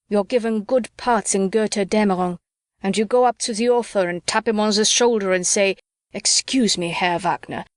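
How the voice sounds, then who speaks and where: A woman's voice: medium pitch, dry recording, studio quality, close to an everyday voice. A woman voicing a bitter, ranting drunk male soldier with a scornful, sneering delivery in an audiobook. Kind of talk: audiobook character reading.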